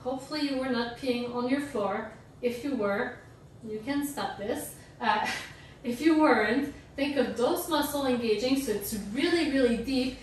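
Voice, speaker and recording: A young woman teaching an online dance workshop, coaching core exercises in a relaxed, chatty way with little jokes. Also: sits high, unhurried, a little hiss or hum. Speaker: dance instructor. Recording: roomy echo, distant from the mic.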